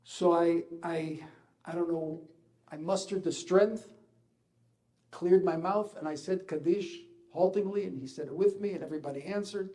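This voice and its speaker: Older man with a dark tone, halting speech. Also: fairly high pitch. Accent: Israeli. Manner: halting, searching for words, rising intensity in places. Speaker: ambassador giving a speech. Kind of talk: emotional personal speech.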